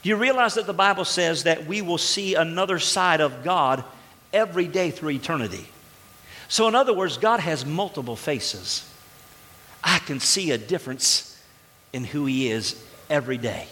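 A man's voice: on the high side, animated, moderate pace, pushed and bright. A man preaching a sermon as pastor, speaking emphatically and putting rhetorical questions to the congregation. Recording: long reverb of a large hall.

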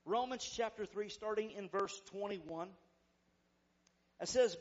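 Male pastor, high voice, fervent call-and-response preaching, slightly dull lo-fi recording. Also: normal speed, long pauses. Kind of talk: sermon.

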